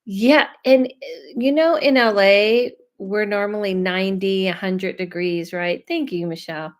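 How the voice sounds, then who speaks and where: A woman from Los Angeles, a medium and host of her own live stream, chatting loudly and casually with viewers and reading out their comments. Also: medium pitch, steady tone, measured pace. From Los Angeles, USA. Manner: loud, chatty, trails off and restarts, laughs often.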